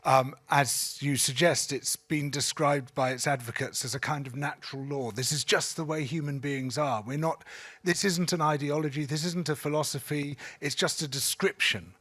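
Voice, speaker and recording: A male author explaining the ideas in his book at a panel debate, measured, articulate and emphatic. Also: a little high, a bit bright. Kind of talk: unscripted panel discussion.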